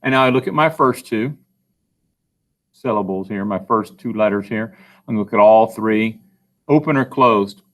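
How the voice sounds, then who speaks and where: In this recorded classroom phonics lesson, a man speaks in a lowish, slightly bright voice at normal speed, pausing often. He's a teacher who patiently asks questions and then supplies the answers himself.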